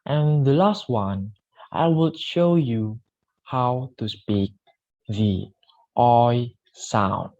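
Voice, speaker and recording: A young man, a student, leading a pronunciation drill with slow, deliberate repeat-after-me delivery. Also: medium pitch, darkish tone, highs cut off. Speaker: student giving a pronunciation lesson.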